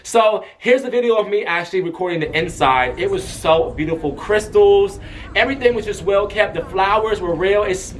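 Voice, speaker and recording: A man telling an excited storytime vlog, animated, breaking into shouts as he talks. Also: sits high, normal speed, a little hiss or hum. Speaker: vlogger.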